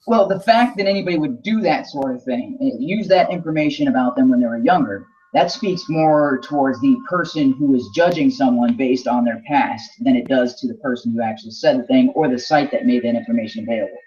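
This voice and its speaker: A man's voice: mid-range voice, darkish tone. Man reasoning aloud, lo-fi sound. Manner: measured, reasoning aloud with restarts. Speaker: podcast co-host. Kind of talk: casual discussion. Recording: dull lo-fi sound.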